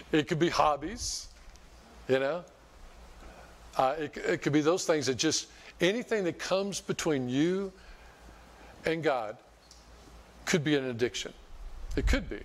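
In a church sanctuary, an older pastor delivers a folksy, rambling sermon, restarting and repeating words as he addresses his congregation. His voice is on the high side, measured in pace, with long pauses.

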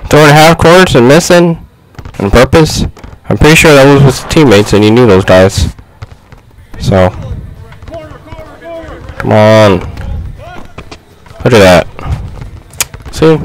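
A young man giving casual gameplay commentary, frustrated and slangy, yelling at his teammates. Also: on the low side, slow, pauses often, rough recording. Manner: frustrated, exclaiming, slangy trash talk. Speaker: gaming YouTuber.

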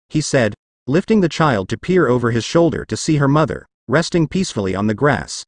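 Guy narrating fanfic, really lively up-and-down delivery, dry close mic. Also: mid-range voice, a little fast, no echo. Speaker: fan fiction narrator. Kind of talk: dramatic story narration.

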